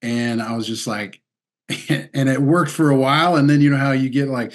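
A man's voice: medium pitch, normal speed. Chatty man telling stories. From Missouri. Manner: chatty, laughs often, says "dude" and "like". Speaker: guest athlete. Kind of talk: casual interview storytelling.

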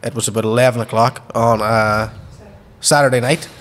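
A man with a Derry accent telling a rambling story on a podcast, slipping into voices for each character and swearing as he goes. His pitch sits in an ordinary middle range. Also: moderate pace, slight background noise. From Derry, Northern Ireland. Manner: animated yarn-spinner acting out dialogue, swears freely. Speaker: podcast guest. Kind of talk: casual storytelling.

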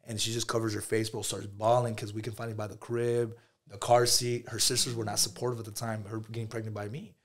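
A man in his thirties, appearing as a podcast guest, tells his story in casual chat as an animated storyteller, acting out the dialogue and constantly calling everyone "bro." His voice is fairly low and he talks fast.

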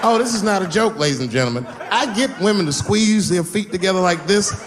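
A man doing a stand-up comedy routine on a live stage, telling stories in a loose, profane way with sudden high-pitched bursts. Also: animated, brisk, crowd noise.

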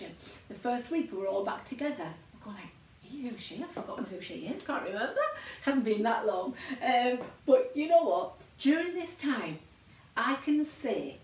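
A woman's voice: mid-range voice, a little hiss or hum. An older woman preaching an encouraging sermon, often repeating her points and laughing at herself. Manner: warm encouraging repetition with self-deprecating laughs. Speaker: pastor. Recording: echoey room from a distance.

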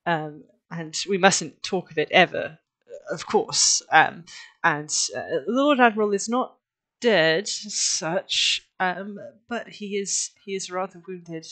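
A woman's voice: on the low side, fairly bright tone, rough recording. A woman running a tabletop game as game master, speaking hesitantly with many fillers.

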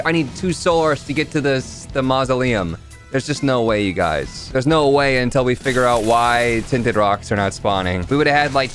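A man hosting a gaming channel, giving chatty let's play commentary with sudden excited yelps. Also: mid-range voice.

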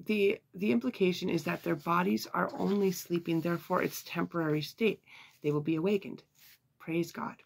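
Gravelly, husky Bible teacher. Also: medium pitch. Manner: earnest, measured teaching with sighs and fillers.

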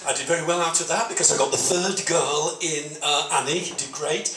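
A man's voice: fairly high pitch, steady tone, brisk, distant mic, natural voice. A man playing a vain, flirtatious Frankenstein in live stage comedy, teasing the audience and laughing through his lines. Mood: cocky flirting. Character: vain flirtatious Frankenstein, male, self-adoring. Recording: echoey stage, heard from afar, noisy.

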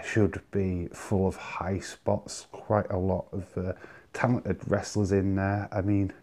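A man with a low, darkish voice hosts his own wrestling vlog, chatting casually in solo commentary and confidently giving his predictions.

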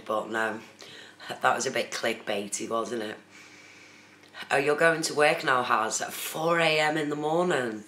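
Bright live-streamer in a roomy room. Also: mid-range voice, moderate pace. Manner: chatty, addresses viewers in chat by name. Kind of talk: casual live-stream chat. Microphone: phone camera. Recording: roomy with faint background noise.

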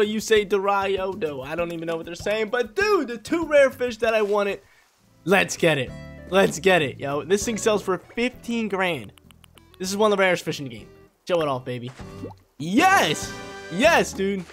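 Young male gaming host, slangy, animated, pitch all over the place, light music bed. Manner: excitable, slangy, bursts into loud yelps. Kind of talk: casual gameplay commentary. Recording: faint music under voice.

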